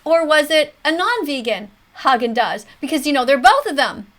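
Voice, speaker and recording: A woman in her fifties hosting a mock classroom, commenting on a video in an animated schoolteacher tone. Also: high-pitched, normal speed. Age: 50s. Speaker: teacher hosting a reaction video.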